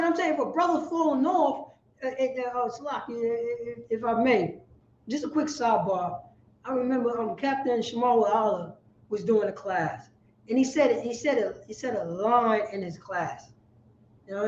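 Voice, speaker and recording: A man teaching a Bible class, forceful and preachy, repeating his points for emphasis. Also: extremely high pitch, slight background noise. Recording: echoey room, dull lo-fi sound.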